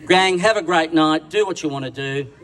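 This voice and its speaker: A man's voice: on the high side, normal speed, a bit bright. Teasing Australian man roasting from afar. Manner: irreverent, teasing, slangy. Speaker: roast speaker. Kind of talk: comic roast speech at a dinner. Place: dinner function room. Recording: distant mic with background noise.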